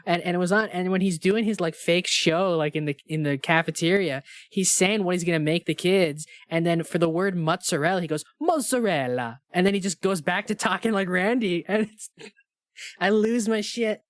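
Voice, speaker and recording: A man's voice: high-pitched, fairly even intonation, normal speed, no room sound, studio quality. A man co-hosting a podcast in casual chat, with a wry, teasing manner and stammering restarts. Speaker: podcast co-host.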